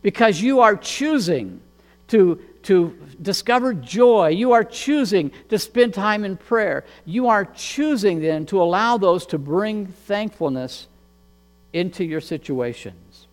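A man preaching a sermon as pastor, earnest and measured, often repeating words as he goes. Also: high voice, lively intonation, in a large hall.

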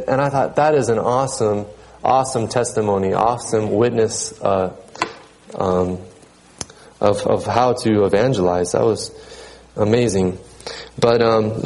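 A man preaching a sermon in a relaxed, conversational way, often repeating words and pausing on fillers. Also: lowish voice, rough recording. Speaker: pastor.

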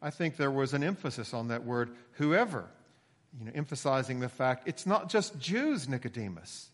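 A man preaching a sermon, measured and deliberate, slowing down to stress key phrases. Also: mid-range voice, animated, in a large hall. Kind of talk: sermon with scripture reading.

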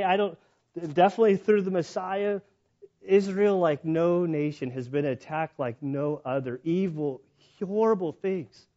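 A man's voice: high-pitched, mellow. A man giving a conversational sermon, telling a story in a chatty way with many fillers. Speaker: preacher. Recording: muffled, dull recording.

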